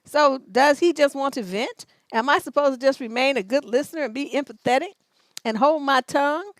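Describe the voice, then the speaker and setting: Cursing advice lady reading letters, higher voice, dry close sound, no nonsense. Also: brisk, no echo. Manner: blunt, profane, scolding. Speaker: relationship coach.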